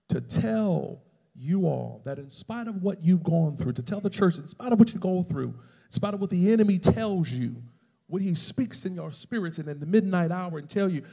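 A male pastor preaching a sermon with emphatic swings between loud and quiet passages. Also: sits high, lively intonation, normal speed, gravelly, husky, big-room sound.

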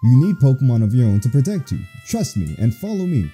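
A man voicing an older male professor in a horror game, ominous, very dark, husky, read out plainly. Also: mid-range voice, huge pitch swings, fairly quick, soft background music, full character voice. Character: Professor Oak, older male scientist, gone strange and ominous.

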